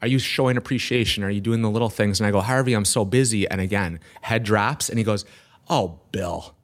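Talking fast in a low voice, this Minnesota man, an entrepreneur being interviewed, spins a lively tale. He performs the other characters' dialogue as he goes.

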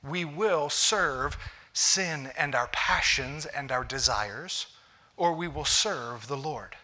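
A man's voice: on the high side, slow, pushed and bright. A man, a pastor, preaching a conversational sermon to a congregation, often restarting his phrases.

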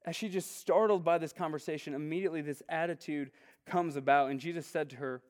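A man's voice: on the high side, fast talker. A man preaching a sermon in a casual, conversational way, often saying "like". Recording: long hall reverb.

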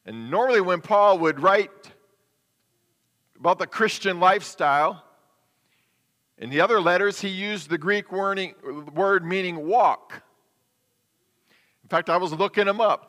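A male pastor delivers a sermon in an easy, conversational way, tossing rhetorical questions to the congregation. His voice sits high and sounds bright and forceful. It rings with a long reverb through a church sanctuary. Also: unhurried, long pauses.

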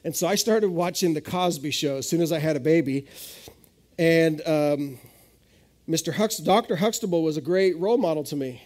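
Guy pastor preaching live at church, kinda high voice, jumps up loud and high telling stories. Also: normal speed. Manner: animated storytelling with sudden rises in pitch. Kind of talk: sermon. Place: church hall, live service.

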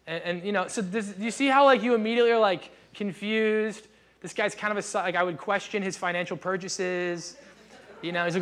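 Young male pastor, fairly high voice, chatty sermon delivery with animated asides. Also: quick pace. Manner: casual, conversational preaching with lively acted-out asides.

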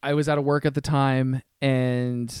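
Young male podcast guest, clear and smooth, lively storyteller who acts out voices, dry studio sound. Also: medium pitch, a little slow, dry recording. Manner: animated, acts out other people's lines in quotes. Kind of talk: casual storytelling.

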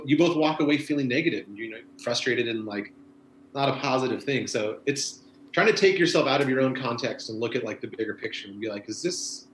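Heard in an echoey room with a little background noise and poor audio, a medium-pitched man who used to be a bike messenger talks casually. He's laid-back and rambling, leaning heavily on fillers such as "you know."

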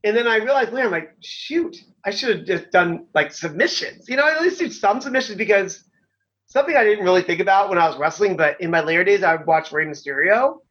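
A man's voice: high voice, expressive, quick pace, a bit bright. A middle-aged man, a former pro wrestler, telling stories in a casual, rambling way, full of fillers and the odd swear word. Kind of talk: casual storytelling. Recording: dull lo-fi sound.

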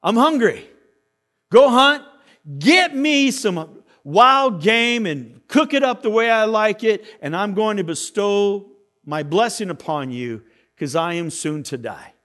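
A frail old father close to death, fond and tired as he asks his son for a meal, voiced by a preacher. The voice is ordinary, lightly acted, and carries a gentle weariness. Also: high-pitched, animated, takes it slowly, full character voice. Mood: weary. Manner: affectionate, weary. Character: old dying father, half blind.

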